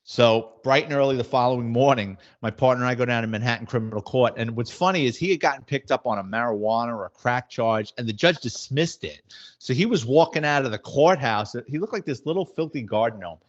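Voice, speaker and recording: A man's voice: medium pitch, brisk. Blunt New man spinning cop stories. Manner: blunt, wisecracking, acts out quoted dialogue. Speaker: former police detective and author. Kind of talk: casual anecdotal storytelling. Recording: slightly muffled audio.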